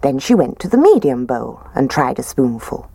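A woman reading a children's fairy tale aloud in an expressive storybook manner. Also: extremely low pitch, moderate pace, vocal fry, breathy edge, no echo. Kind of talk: scripted narration of a children's story.

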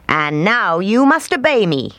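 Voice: medium pitch, sing-song, unhurried, fairly bright tone, no room sound, pitched above the performer's own voice. A storyteller voicing a bossy, scheming old witch who snaps and scolds. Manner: snapping, snarling, scolding.

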